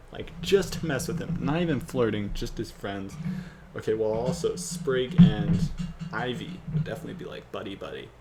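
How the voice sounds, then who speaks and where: A man's voice: mid-range voice, very noisy. A man rambling and joking to himself as he thinks aloud, working out a fan script. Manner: rambling, self-joking, trailing off.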